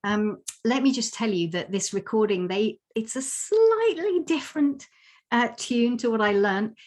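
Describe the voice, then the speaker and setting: A woman's voice: a little high, expressive, a little slow, darkish tone. A woman giving an online talk on a video call, explaining songs and singing wordless melodies to teach them. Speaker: presenter of a song talk. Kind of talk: online talk with sung demonstrations.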